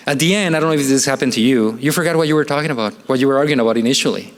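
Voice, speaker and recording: A church family seminar speaker gives a conversational slide presentation to a church audience, talking at a racing pace in a medium-pitched voice. He often asks rhetorical questions and ends points with "right?", with long hall reverb on the recording.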